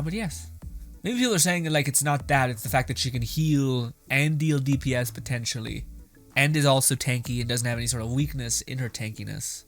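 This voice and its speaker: Young man, casual reaction commentary, crude and animated, rambling, light music underneath. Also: mid-range voice. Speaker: reaction show host.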